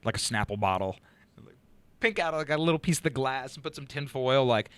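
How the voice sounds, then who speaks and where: A young man co-hosting a casual radio-style chat show, relaxed and joking, with lots of fillers. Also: mid-range voice, fairly quick, clean tone, dry recording. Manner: laid-back, joking, loose with fillers. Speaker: podcast co-host.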